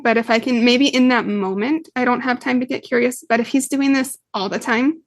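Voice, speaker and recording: A woman's voice: fairly high pitch, steady tone, a little fast, no room sound. A woman guest on a podcast interview who explains parenting earnestly, with frequent fillers. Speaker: guest expert, parenting coach.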